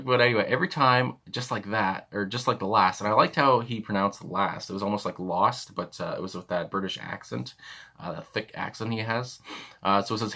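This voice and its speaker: A man's voice: deep voice, sharp tone. A young man hosting a music reaction video, talking casually and rambling with lots of fillers and restarts. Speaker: music reaction channel host.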